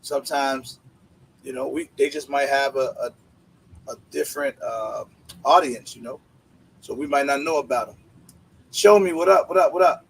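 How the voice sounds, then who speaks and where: A man's voice: medium pitch, moderate pace, gravelly, long pauses, breathy edge, poor audio. A man hosting a casual livestream, greeting viewers by name in laid-back slang. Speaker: livestream host.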